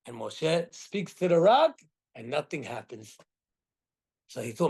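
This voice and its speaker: Middle-aged rabbi, higher-pitched man, teaching a class, acts out quotes. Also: measured pace, long pauses, husky. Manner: animated storytelling with acted quotes. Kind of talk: Torah class.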